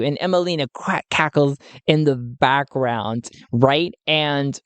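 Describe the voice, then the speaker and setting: Thinking out loud as he leads a tabletop game alone, this narrator talks slowly and laughs softly again and again. His mid-range voice has a clean tone, recorded close and dry with no echo.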